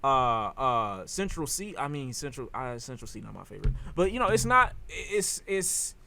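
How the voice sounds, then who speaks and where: Man, bright tense voice, casual reaction stream, heated profane rant. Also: medium pitch, sing-song, normal speed, vocal fry, slight background noise. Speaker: streamer reacting to rap news.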